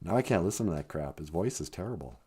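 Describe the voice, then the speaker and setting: A man's voice: low-pitched, expressive, fast, warm tone, slightly rough. A man hosting a casual comedic chat, rambling and joking with strong opinions. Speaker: podcast host.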